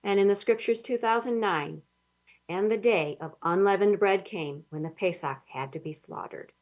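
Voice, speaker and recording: A woman narrating a Bible study lesson, reading verses deliberately and comparing versions. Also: medium pitch, darkish tone. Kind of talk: scripted teaching narration. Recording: slightly dull lo-fi audio.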